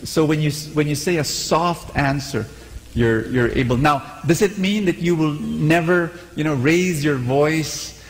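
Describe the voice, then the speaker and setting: A man preaching a sermon, animated and conversational, asking the congregation to repeat after him. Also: fairly high pitch, unhurried, long reverb tail, rough recording.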